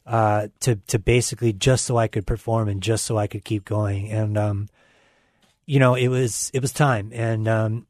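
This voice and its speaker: A man's voice: fairly low pitch, fairly even intonation, moderate pace, darkish tone, no room sound, clean studio sound. A man speaking candidly as a guest on a live call-in radio show, rambling with many fillers. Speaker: guest musician. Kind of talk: casual radio interview.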